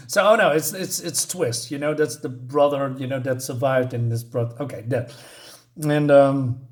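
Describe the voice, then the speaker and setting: A man's voice: mid-range voice, moderate pace. A man casually reviewing a comic book, hesitant and stumbling over his words, chuckling often.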